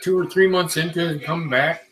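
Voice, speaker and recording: A man's voice: on the high side, fairly even intonation, fairly quick, a bit bright, slight background noise. A man hosting a casual livestream chat, loose and profane, talking to viewers by name. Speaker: show host.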